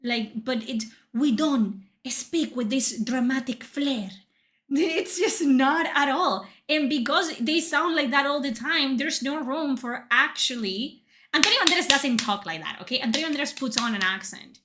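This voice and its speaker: Spanish-accented woman streamer, high bright voice, sarcastic swearing rant over gameplay. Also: moderate pace. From Spain. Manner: sarcastic, profane, exasperated. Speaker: streamer reviewing a video game. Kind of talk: ranting game commentary.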